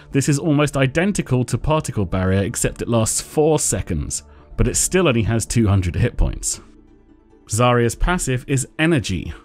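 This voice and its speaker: A man narrates a game tutorial in a measured, methodical voice, reading out numbers and details with care. His pitch sits in an ordinary middle register for a man. Faint music plays softly beneath his voice-over. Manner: measured, informative, reading out figures. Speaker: video game guide host.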